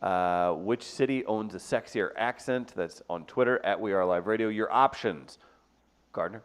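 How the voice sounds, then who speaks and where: A man's voice: fairly low pitch, moderate pace, clear, resonant tone. A young man co-hosting a radio podcast, joking casually and reading out promos. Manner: jokey, easygoing, reads out promos. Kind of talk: casual chat.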